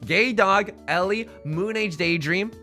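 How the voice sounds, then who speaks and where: Male streamer with a bright, lively voice, joking his way through a live game, faint music underneath. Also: sits high, unhurried. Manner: joking, animated, rambling asides.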